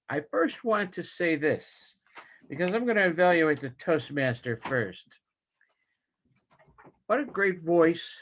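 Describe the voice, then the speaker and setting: An older man, the general evaluator at a club meeting, speaking enthusiastically in a folksy, animated way over a video call. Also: fairly high pitch. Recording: dull lo-fi video call audio.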